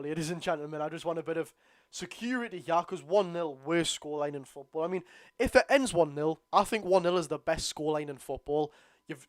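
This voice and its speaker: Geordie man, watchalong host; tired, excitable shouts at the ref, dry close sound. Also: dry recording. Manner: excitable outbursts at the referee, then low grumbling asides. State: tired, yawning. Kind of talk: live football watchalong commentary, reading chat.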